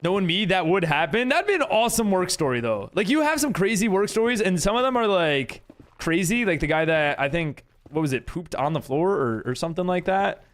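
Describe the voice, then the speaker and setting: A man's voice: high voice, sing-song, fairly quick, fairly bright tone. A young man streaming, chatting casually with viewers, laughing often and using lots of fillers. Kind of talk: casual live-stream chat reading viewer messages.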